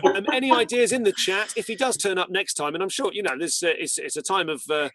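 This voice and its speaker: A man's voice: high-pitched, quick pace, a loud crowd. A man hosting a live-streamed comedy show, wry and rambling, with asides and the odd swear word. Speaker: host.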